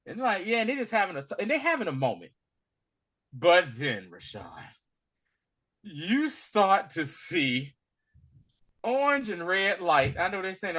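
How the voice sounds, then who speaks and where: An animated man co-hosting a show recap over a video call. His voice is bright and a bit higher than most. He retells scenes in slang, acting out the characters as he goes. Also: a little slow, long pauses. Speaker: podcast co-host. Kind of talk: casual recap chat.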